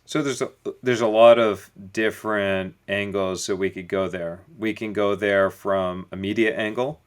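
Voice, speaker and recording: A man's voice: on the low side, steady tone, normal speed. Storytelling male business coach. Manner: storytelling, acts out little dialogues. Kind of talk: conversational podcast interview.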